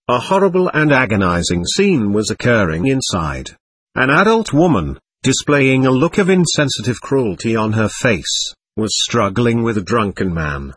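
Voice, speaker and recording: A man narrating an audiobook in an expressive, animated way. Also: mid-range voice, breathy edge, no echo.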